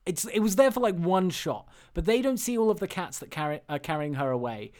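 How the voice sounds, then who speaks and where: Young male co-host, slightly high voice, rambling, laughs often, casual film chat. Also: expressive, fairly quick, darkish tone. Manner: rambling, laughs often, many restarts and fillers. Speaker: podcast co-host.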